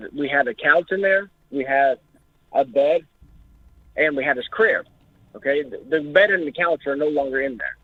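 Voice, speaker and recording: A man's voice: medium pitch, a little hiss or hum. A young man calling in to a talk show, telling his story in an emotional, jittery way and swearing often. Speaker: caller. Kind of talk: recounting an experience on a call-in show. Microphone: phone. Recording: tinny phone line.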